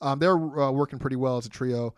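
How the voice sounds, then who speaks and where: A man's voice: mid-range voice, fairly even intonation, brisk, clear, resonant tone, no echo, studio quality. A man co-hosting a podcast, recapping a wrestling match move by move in a casual way with fillers. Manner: play-by-play recap with fillers and laughs. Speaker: podcast co-host.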